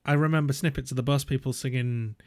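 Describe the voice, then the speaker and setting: A man's voice: mid-range voice, fairly even intonation, fast, a little mellow. A young man, co-hosting a podcast and telling rambling stories in a casual chat, full of "um"s and swearing. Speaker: podcast co-host.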